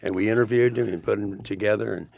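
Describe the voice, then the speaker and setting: An older man talks in a low, gravelly voice, rambling and emphatic as a studio guest. The sound is dry and close. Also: fairly even intonation, fast, darkish tone, no echo. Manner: rambling, emphatic, spiritual musings. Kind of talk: rambling studio interview talk. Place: radio studio.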